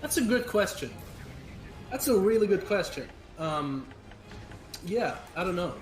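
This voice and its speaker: A man's voice: high-pitched, big pitch swings, measured pace, soft background music. Guy on stream reading donos, cussing and rambling, kinda echoey room. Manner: joking, crude, rambling. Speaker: livestreamer reading donations. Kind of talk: casual gameplay chat. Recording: roomy echo.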